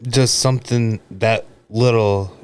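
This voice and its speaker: Man, podcast host, smooth voice, lowish pitch, plain-spoken, casual. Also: fairly even intonation, takes it slowly, darkish tone. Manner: brief agreeing replies, plain-spoken. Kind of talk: casual chat. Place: podcast studio.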